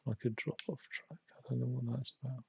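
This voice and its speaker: Gravelly-voiced man chatting over gameplay. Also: medium pitch, fairly even intonation, brisk, a little mellow, lo-fi sound. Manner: rambling, swears, chuckles at own stories. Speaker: game streamer. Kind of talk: casual gameplay commentary.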